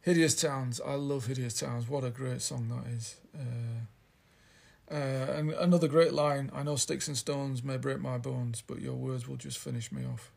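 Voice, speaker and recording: A man's voice: mid-range voice, steady tone, unhurried, gravelly, darkish tone. A man hosting a casual album chat, rambling and hesitant as he reads out lyrics. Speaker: podcast host reviewing an album.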